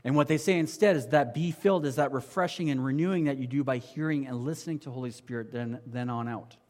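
A man preaching a sermon in a conversational way, asking the congregation rhetorical questions and moving between emphatic and quiet passages. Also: fast talker. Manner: swings from emphatic to quiet and low. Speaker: pastor.

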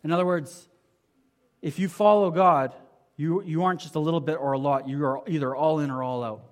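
A man preaching a conversational sermon, his voice sitting a little high for a man. He asks the listeners rhetorical questions and swings between emphatic, raised lines and quiet, low asides. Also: steady tone, brisk. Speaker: pastor.

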